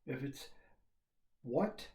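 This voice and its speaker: Slow reflective man in an echoey room. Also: dark tone. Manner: slow, reflective, with long pauses and repeated questions. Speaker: spiritual teacher. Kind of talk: spiritual talk.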